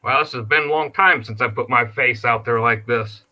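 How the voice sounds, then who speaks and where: A man telling stories in relaxed, joking casual chat as a guest on a live stream panel. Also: medium pitch, normal speed. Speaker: guest panelist, former channel owner.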